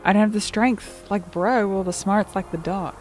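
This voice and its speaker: A woman's voice: medium pitch, steady tone, moderate pace, darkish tone, faint music behind, pitched above the performer's own voice, close to an everyday voice. Woman reading a nervous young handyman dude, pleading, sorry about it. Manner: pleading, apologetic. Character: nervous young male handyman betraying friends. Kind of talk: reading game dialogue aloud.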